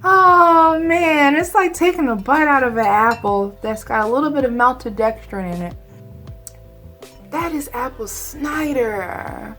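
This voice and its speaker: A middle-aged woman hosting a casual storytime vlog about cake decorating at home, talking in a bubbly, animated way with sudden excited exclamations. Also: on the high side, measured pace, faint music behind. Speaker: cake decorator and channel host.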